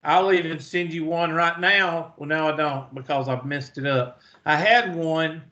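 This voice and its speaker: Guy teaching math real slow, folksy jokes, kinda high voice, muffled lo-fi audio. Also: sharp tone. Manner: folksy, joking asides, slow deliberate delivery. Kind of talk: classroom lecture. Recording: dull lo-fi classroom recording.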